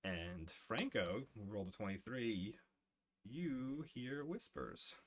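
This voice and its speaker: A young man narrating as game master in a casual, halting way with fillers. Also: on the low side, lively intonation, a crowd in the background.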